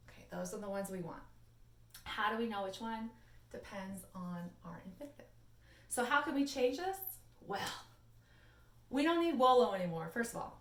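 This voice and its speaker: Chatty woman teaching Latin, echoey room. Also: mid-range voice. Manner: chatty, animated, sing-song recaps. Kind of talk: classroom video lesson. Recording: echoey room, mic at a distance.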